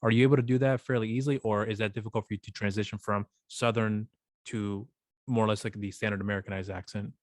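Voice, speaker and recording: A man's voice: on the low side, steady tone, fast talker, dry recording, studio quality. A male podcast host asking long, rambling questions full of restarts. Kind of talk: casual interview.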